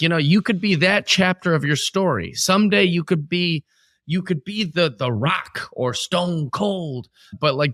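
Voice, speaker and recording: A man's voice: on the high side, fairly bright tone, no room sound, studio quality. A man co-hosting a casual wrestling podcast, rambling and playful, with stumbling restarts. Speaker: podcast co-host.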